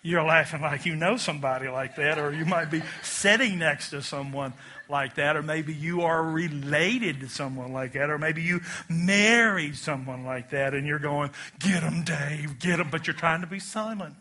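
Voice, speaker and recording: A man preaching a sermon to a congregation, animated and leading them in call-and-response. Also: fairly high pitch, moderate pace. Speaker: pastor.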